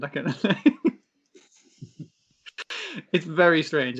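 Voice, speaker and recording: A man's voice: a little high, a little slow, long pauses, a bit bright. A man co-hosting an anime podcast, chatting casually, swearing and acting out scenes. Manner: casual, swears, acts out quotes. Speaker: podcast co-host. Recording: dull lo-fi stream audio.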